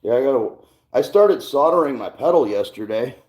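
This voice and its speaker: A man's voice: medium pitch, lively intonation, fairly quick, a little mellow, slightly rough. A man hosting a casual livestream from his garage, talking in a rambling, laid-back way and swearing often. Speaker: livestream host.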